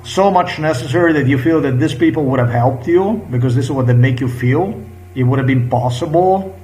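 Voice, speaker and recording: A man's voice: medium pitch, low-quality recording. A man, speaking English in an emotional, insistent personal monologue full of fillers and restarts. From Slovenia. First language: Slovenian. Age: 50s. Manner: halting, many fillers and restarts. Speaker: vlogger.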